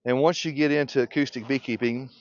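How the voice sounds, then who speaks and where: A man's voice: medium pitch, fairly even intonation, quick pace, no echo. An older man, a beekeeping teacher, delivering a passionate unscripted rant. He is blunt and provocative and laughs often. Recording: dull lo-fi recording.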